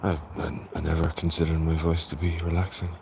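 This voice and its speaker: A man with an Irish accent hosting a casual live gardening walkthrough, soft-spoken and mumbly, often half-whispering to his plants and insects. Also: very deep voice, completely flat delivery, fairly quick, creaky. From Ireland. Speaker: gardening livestream host. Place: outdoor vegetable garden. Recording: noisy outdoor livestream audio.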